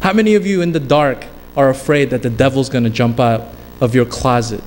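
A pastor preaching a sermon in an emphatic cadence that rises and falls. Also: male voice, mid-range voice, a little fast, darkish tone. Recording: long hall reverb, faint noise.

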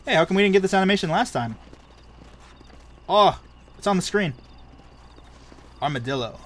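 A man's voice: high voice, expressive, racing, a bit bright. A young man giving joking let's-play commentary on a video game. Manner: casual, joking asides. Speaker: gamer.

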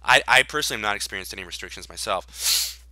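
Emphatic man explaining, bright dry voice. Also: lowish voice, animated, fast, dry recording. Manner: emphatic, sarcastic asides, repeats key points. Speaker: online seller educator. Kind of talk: solo explainer monologue.

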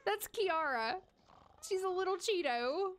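A woman's voice: very high-pitched, expressive, unhurried. A young woman live-streaming a game, chatting casually to her viewers and her characters and laughing often. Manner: chatty and giggly, talks to chat and to her characters. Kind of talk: casual live-stream chat over gameplay.

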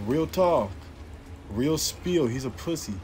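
A man's voice: on the high side, animated, slow, a little mellow, slight background noise. A young man giving casual, profane commentary while playing a hard game, getting more and more frustrated. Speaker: gameplay streamer.

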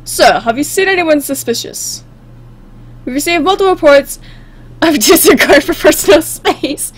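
A woman's voice: sits high, animated, normal speed. A woman doing a stern royal guard. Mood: officious.

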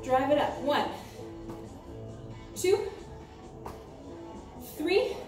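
Woman fitness coach, high voice, counting reps while working out, breathless, distant roomy sound, music behind. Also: animated, drawn-out words. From United States. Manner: upbeat, counting reps aloud while exercising. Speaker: fitness instructor. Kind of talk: live workout coaching. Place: home room with ceiling fan. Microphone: camera some distance away. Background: background music.

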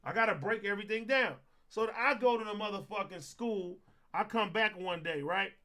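A young streamer, telling a wild story in a very high, bright, cutting voice. He swears freely and acts out every quote. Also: normal speed. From Compton, California. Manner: animated, profane storytelling, acting out quotes. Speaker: streamer host. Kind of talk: casual storytelling on a livestream.

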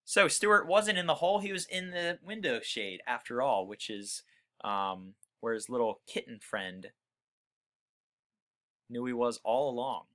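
A man reading a children's book aloud, pausing to explain words to young listeners in a friendly way. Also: mid-range voice, pushed and bright. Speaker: reader for children.

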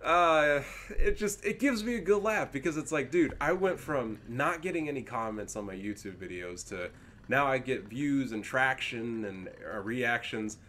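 Bright, slangy young gaming caster. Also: male voice, medium pitch, animated. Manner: casual, slangy and profane, quick to laugh. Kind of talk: casual gameplay commentary.

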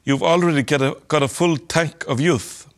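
A man's voice: on the high side, normal speed, close to an everyday voice. A man voicing a group of worried, pleading children in a storybook reading, earnest in tone.

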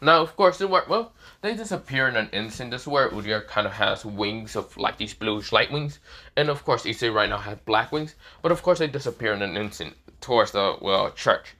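A man's voice: lively intonation, normal speed, pushed and bright. A young man improvising a fan-fiction story, rambling and filling gaps with "well" and "of course". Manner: rambling, many fillers, rises in pitch often.

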